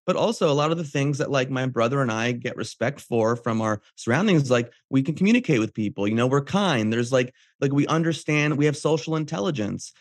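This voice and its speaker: A man's voice: medium pitch, expressive, fairly quick, hardly any pauses, no echo, studio quality. A man hosting a podcast in a casual, laid-back way, using lots of slang and fillers. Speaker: podcast host. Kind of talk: casual conversation.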